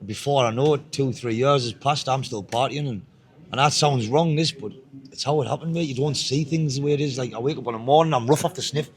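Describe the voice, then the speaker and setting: This man's mid-range voice moves a little fast as he chats casually about his life, his Northeast English accent marking him as being from that region. He appears as a guest, blunt and heavy on the swearing, often saying things twice.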